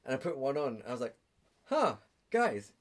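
Young dude cohosting a podcast, average pitch, swears a ton, rambly stories w/ fillers. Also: male voice, steady tone, racing, darkish tone. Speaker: podcast co-host. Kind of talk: casual chat.

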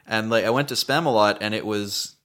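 Podcast guy rambling with lots of likes and ums, bright sharp voice. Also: fairly low pitch, fairly quick. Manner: animated, rambling with fillers. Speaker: podcast co-host. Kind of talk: casual chat.

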